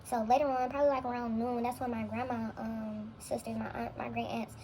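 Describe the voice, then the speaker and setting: A woman's voice: a little high, little pitch movement, a little fast, mellow, a little hiss or hum, poor audio. A young woman, a vlogger, telling a long personal story in a casual, rambling, reflective way full of fillers. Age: young adult.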